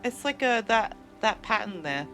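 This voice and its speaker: A woman's voice: on the high side, big pitch swings, moderate pace, bright, forceful tone, soft background music. A woman live-streaming a game, chatting casually, thinking aloud and poking fun at herself.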